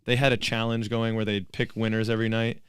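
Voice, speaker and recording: A man's voice: lowish voice, flat delivery, quick pace, a bit bright, smooth, no room sound. A man co-hosting a basketball podcast, chatting casually and joking while watching a live game. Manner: jokey, chatty, reacts to plays. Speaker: podcast co-host.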